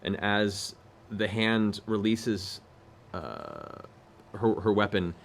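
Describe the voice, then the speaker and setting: A man as game master narrating a tabletop role-playing game, describing scenes in a measured way with hesitant fillers. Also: lowish voice, noisy background.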